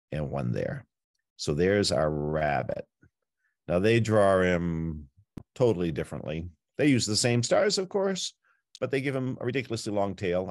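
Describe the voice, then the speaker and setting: A man presenting a night sky tour, teaching in a chatty, playful way with frequent jumps in pitch. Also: a little mellow, dry recording, clean studio sound. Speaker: planetarium presenter. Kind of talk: informal astronomy talk.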